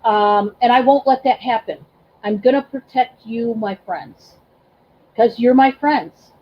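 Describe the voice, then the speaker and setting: A woman's voice: a little high, measured pace, highs cut off. A woman hosting a casual livestream, emotional and effusive, thanking her viewers by name with many ums and restarts. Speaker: livestream host and reseller.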